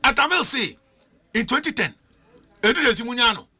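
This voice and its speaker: Animated high-voiced Ghanaian man. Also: a little fast, slightly rough. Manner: emphatic, argumentative, switches languages mid-sentence. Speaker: political panelist. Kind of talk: heated talk-show debate.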